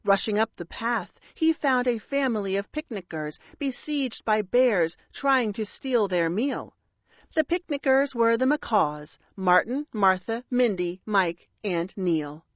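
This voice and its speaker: A woman reading a rhyming children's story aloud with a measured, expressive delivery. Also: medium pitch, no room sound, highs cut off. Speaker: narrator.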